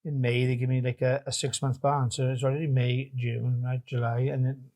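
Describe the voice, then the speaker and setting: A man's voice: medium pitch, level tone, fairly quick, darkish tone. A middle-aged man telling stories as a guest in a casual chat. He swears freely and trails off mid-sentence.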